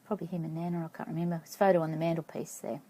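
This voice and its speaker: A middle-aged woman telling a personal story to camera in a halting, reflective way, stopping now and then to check her notes. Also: sits low, level tone, mellow, rough recording. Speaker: vlogger.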